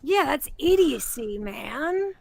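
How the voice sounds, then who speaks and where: A woman's voice: high-pitched, big pitch swings, slow pace, vocal fry, a crowd in the background. A woman co-hosting a casual stream, blunt and crude as she mocks people. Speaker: co-host. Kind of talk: casual gossip chat.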